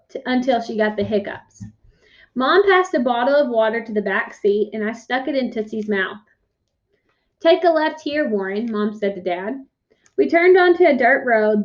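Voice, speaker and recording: A woman reading a children's chapter book aloud to her class, clear and expressive. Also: on the high side, dull audio. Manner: clear, expressive, with raised voices for characters' quotes. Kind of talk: read-aloud storytelling for children.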